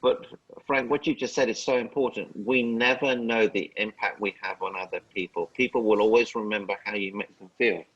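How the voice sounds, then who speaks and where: A man as an interview guest, telling upbeat stories and giving slow, emphatic life advice. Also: lowish voice, steady tone, a bit bright, breathy edge, highs cut off. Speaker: guest speaker. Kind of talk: casual interview chat.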